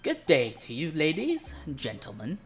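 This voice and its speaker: A woman voicing a haughty upper-class English gentleman with a put-on posh accent, clipped and condescending. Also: deep voice, huge pitch swings, a little slow, soft background music, exaggerated voice.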